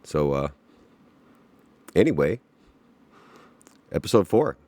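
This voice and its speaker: Deep-voiced casual male podcast host. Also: big pitch swings, takes it slowly, dark tone, no echo. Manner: loose, swearing, laughs often, lots of fillers. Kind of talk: casual reaction chat.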